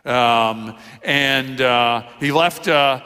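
A man's voice: mid-range voice, very slow, pushed and bright, smooth, in a large hall. A male pastor preaching a sermon in a loose, conversational way, full of fillers and questions to the congregation.

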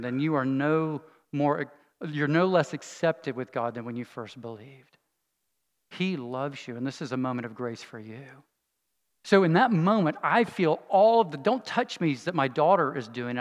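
A middle-aged male pastor preaches a heartfelt personal story, his voice a touch higher than most men's. He speaks earnestly and lets his voice sink to a hush at the tender moments. A long reverb trails each phrase, as in a big church sanctuary. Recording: long reverb of a large hall.

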